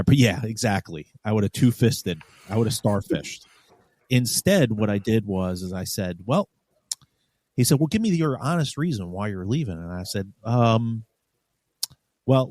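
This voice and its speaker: A man's voice: lowish voice, darkish tone, no echo, clean studio sound. A man from New York, a podcast co-host, telling a story bluntly and with profanity, acting out the dialogue. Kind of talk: casual storytelling.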